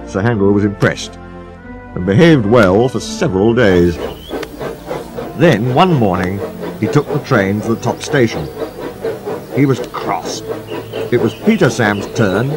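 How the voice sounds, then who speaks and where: A male storyteller reads a children's tale with a lively, animated voice. His tone rises and falls freely. Music plays under the narration. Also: lowish voice, a little slow, long pauses.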